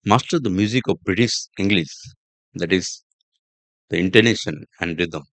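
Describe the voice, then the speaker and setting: A man hosts a podcast lesson on pronunciation, his voice sitting on the low side. He talks deliberately and repeats himself, with fillers and restarts along the way. The sound is dry and close, with no room around it. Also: a bit bright, no echo. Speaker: podcast host and English teacher. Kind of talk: instructional podcast monologue.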